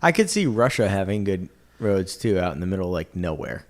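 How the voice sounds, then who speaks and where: A man's voice: low voice, sing-song, brisk. A man co-hosting a car podcast, answering with short replies and dry quips. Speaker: podcast co-host. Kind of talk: casual chat.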